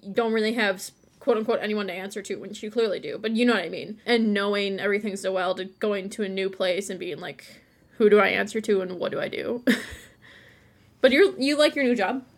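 A woman's voice: mid-range voice, a little fast. A young woman from Buffalo, co-hosting a podcast in casual, laughing chat full of restarts. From Buffalo, New York. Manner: chatty, laughing, many restarts. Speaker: podcast co-host.

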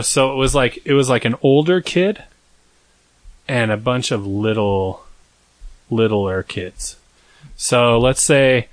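On a dry recording, a young man with a mid-range voice co-hosts a podcast, telling a long story in a casual, wandering way. He pokes fun at himself and performs the voices of whoever he's quoting.

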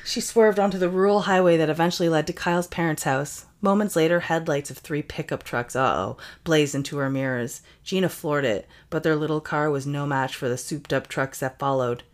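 Low-voiced woman reading a story aloud. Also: a little fast, hardly any pauses. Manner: reads aloud with playful asides and laughter. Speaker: podcast co-host reading a story. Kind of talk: comedic story reading with banter.

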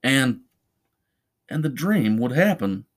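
A man's voice: medium pitch, very animated, slow pace. A man voicing a desperate young man in a horror story reading, anxious and pleading. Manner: pleading, frantic.

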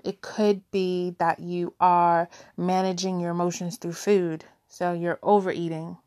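A woman sharing her feelings in a candid personal monologue, halting and searching for words, becoming emotional. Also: lowish voice, no echo, studio quality. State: tearful, emotional.

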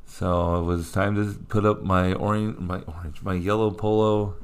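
A man's voice: low voice, little pitch movement, moderate pace, clear, resonant tone. A man co-hosting a comedy podcast, telling rambling stories and joking around in casual chat. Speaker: podcast co-host.

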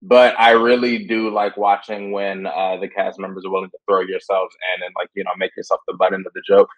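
A man's voice: low voice, flat delivery, a little fast, highs cut off. A man talking as a podcast panelist, enthusiastic and loose, with lots of filler words. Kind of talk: casual chat.

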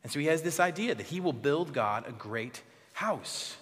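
A man preaches a sermon in a fairly high, bright voice. He moves between raised, emphatic lines and hushed, soft phrases. The sound carries a long reverb from a large hall. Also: normal speed. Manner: expressive preaching, dropping to soft tones for emphasis. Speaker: pastor.

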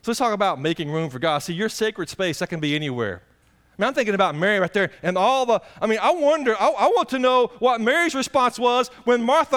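Man, pastor, high-pitched, conversational sermon, folksy. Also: expressive, fast, fairly bright tone. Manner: folksy, direct questions to the congregation.

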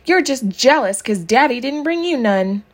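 A woman voicing a loud, whiny first-grade girl who talks in a sobbing, country-kid way in a storybook reading. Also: sits high, expressive, normal speed, voice pushed up. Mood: boastful.

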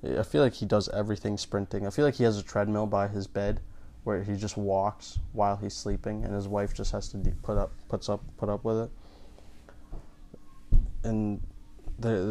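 A man with a fairly low voice riffs in loose podcast chat as a comedian. He rambles, stammers and restarts his sentences as he thinks aloud. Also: warm tone, slight background noise.

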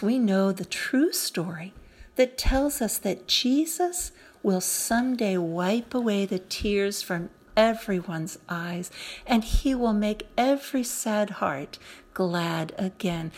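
A woman reading a children's story aloud in a gentle, expressive manner, then closing the story with a short reflection. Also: mid-range voice, slow.

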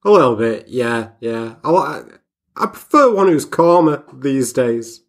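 A man co-hosting a podcast, relaxed and making dry remarks. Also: medium pitch, unhurried. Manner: laid-back, dry quips. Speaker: podcast co-host. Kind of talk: casual chat.

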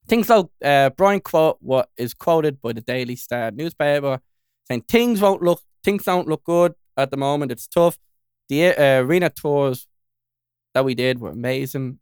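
A man's voice: mid-range voice, clean tone, no room sound, studio quality. A man co-hosting a podcast in a casual, rambling chat, forever checking in with "you know what I mean". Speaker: podcast co-host.

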